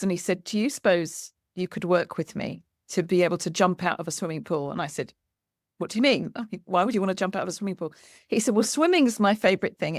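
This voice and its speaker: A woman hosting a conversation, telling a lively anecdote and acting out the dialogue as she goes. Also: fairly low pitch, no room sound, clean studio sound. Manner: animated, acts out quoted dialogue with laughter. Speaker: podcast host. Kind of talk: storytelling in conversation.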